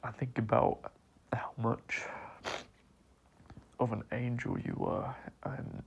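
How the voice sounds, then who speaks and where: A man crying as he talks through an apology, halting and choked, with long pauses, sighs and breathy half-whispered words. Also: mid-range voice, little pitch movement, lo-fi sound. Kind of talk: tearful personal apology monologue.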